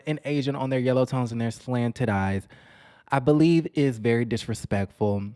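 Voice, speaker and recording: A man's voice: medium pitch, clear, resonant tone. A man hosting a casual commentary vlog on reality TV, sassy and chatty, talking straight to his viewers and calling them honey.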